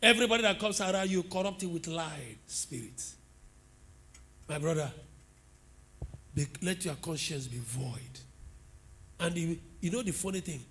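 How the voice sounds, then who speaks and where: A middle-aged man with a Nigerian accent, preaching a sermon as pastor and telling animated stories to the congregation. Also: on the high side, unhurried, long pauses. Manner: animated storytelling preacher, asks the congregation questions.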